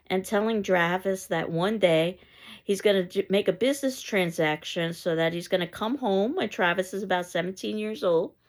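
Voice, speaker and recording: A woman teacher giving a conversational literature lecture, retelling scenes with a wry, casual delivery. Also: lowish voice.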